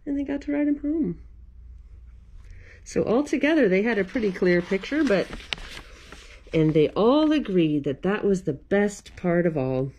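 A librarian reads a picture book aloud to children in a warm, mellow voice. Her pitch rises and falls a great deal, and she is playful and laughs often. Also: very animated, a little slow, pauses often, highs cut off.

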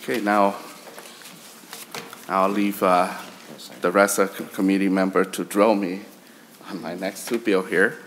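A man chairing a state senate committee hearing, speaking in a halting way with repeated words. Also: deep voice, level tone, a bit bright, a little hiss or hum. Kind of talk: legislative hearing remarks.

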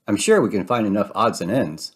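A man's voice: on the low side, lively intonation, a little fast. A man voicing a sweet, cheerful female cartoon mouse in a storybook read-aloud, upbeat and encouraging.

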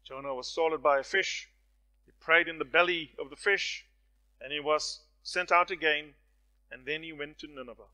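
A man preaching a sermon, swinging from hushed lines to loud, stirring ones and acting out the voices in his stories. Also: on the high side, moderate pace, rough recording. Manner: dramatic swings from soft to loud; storytelling with acted voices.

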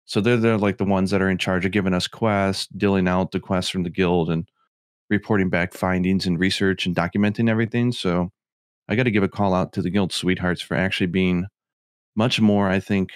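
A man's voice: low-pitched, fairly even intonation, brisk, clear, resonant tone, no room sound, studio quality. A middle-aged man co-hosting a podcast, chatting casually and rambling with lots of filler words. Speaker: podcast co-host.

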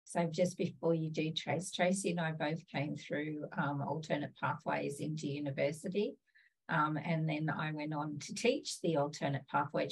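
A middle-aged woman, facilitating a panel and handing over with relaxed fillers. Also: low voice, vocal fry, slightly rough, low-quality recording. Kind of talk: moderating a panel.

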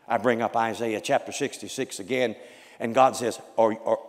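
A man preaching as a pastor, with a raspy, loud voice, swinging from shouts to hushed prayer. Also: medium pitch, normal speed, in a large hall. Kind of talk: sermon. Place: church sanctuary.

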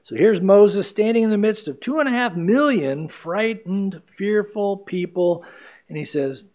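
A middle-aged man preaching a sermon as pastor, earnest and emphatic, with big swings between loud and quiet. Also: sits high, expressive, a little slow.

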